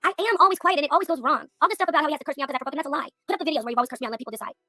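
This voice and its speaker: A woman arguing heatedly on a livestream, talking fast, cursing and cutting in over the others. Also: sits high, expressive, pushed and bright, no echo, clean studio sound, faint music behind. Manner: rapid, profane, indignant, talks over others. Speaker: livestream panel guest.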